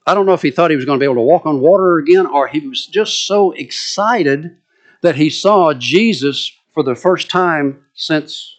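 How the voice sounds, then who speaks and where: A man's voice: a little high, lively intonation, moderate pace. A man preaching a sermon, retelling a story with drama and vivid asides.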